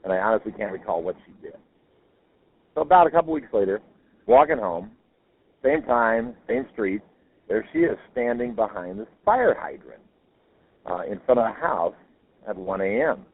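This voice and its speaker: A man's voice: on the low side, expressive, moderate pace, long pauses. A man telling a listener's ghost story in a rambling, casual way, with many fillers and self-corrections. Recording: tinny phone-line audio.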